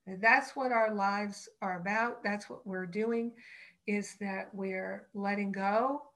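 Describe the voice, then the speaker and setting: A woman teaching on spiritual practice, speaking in a slow, earnest and emphatic way. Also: mid-range voice, fairly bright tone, poor audio.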